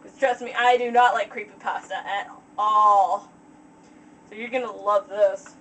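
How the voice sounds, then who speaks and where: A woman's voice: mid-range voice, steady tone, a little slow, fairly bright tone, recorded from a distance, poor audio. A woman casually narrating a game as she plays, rambling with lots of fillers. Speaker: let's play gamer.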